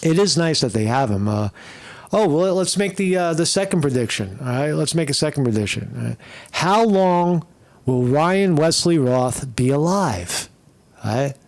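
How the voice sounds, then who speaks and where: A man's voice: a little high, lively intonation, a little slow, a little mellow. A man commenting on a live stream, rambling and cursing, stopping often to ask "right?" and reading out viewer questions. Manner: rambling, profane, keeps asking "right?".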